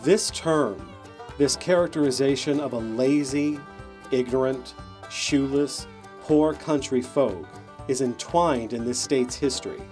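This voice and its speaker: A man narrating a documentary in a measured, explanatory way. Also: medium pitch, darkish tone, soft background music.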